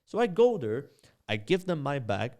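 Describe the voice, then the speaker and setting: A young man with a Maltese accent, a streamer who tells animated stories with lots of "uh" and "like" as a podcast guest. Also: a little high, moderate pace. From Malta. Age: young adult. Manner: animated storyteller, many fillers. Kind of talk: casual storytelling chat.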